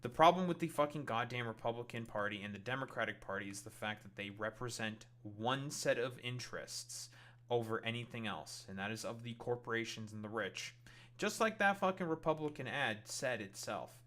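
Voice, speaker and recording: Man, streamer, political rant, heavy swearing, bright forceful tone. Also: mid-range voice, lively intonation, brisk. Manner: heated, swears constantly. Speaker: streamer reacting to clips.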